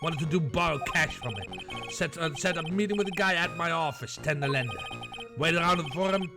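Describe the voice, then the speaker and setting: A man voicing a brash, hot-tempered male mobster loan shark in a gruff, streetwise tough-guy manner. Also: fairly high pitch, big pitch swings, moderate pace. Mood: defiant. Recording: background music.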